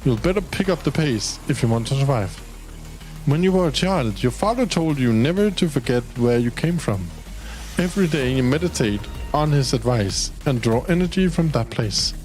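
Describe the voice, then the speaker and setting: This gaming streamer, a young man from Denmark, voices a dating game's text aloud at a moderate pace, his mid-range voice expressive and a little mellow. He's playful and laid-back, swearing occasionally and addressing his pet. Faint music plays under a low-quality recording.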